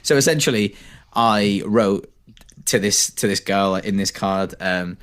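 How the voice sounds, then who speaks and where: A man's voice: fairly low pitch, measured pace, a bit bright, smooth. A young British man co-hosting a podcast, telling stories in a chatty, self-deprecating way. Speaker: podcast co-host. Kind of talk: casual chat.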